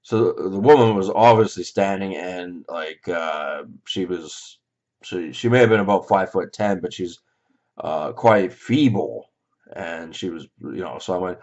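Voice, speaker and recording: A man's voice: deep voice, measured pace, darkish tone. A Canadian man recounting a dream in a rambling, hesitant way, full of fillers and restarts. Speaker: vlogger. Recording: slightly dull lo-fi audio.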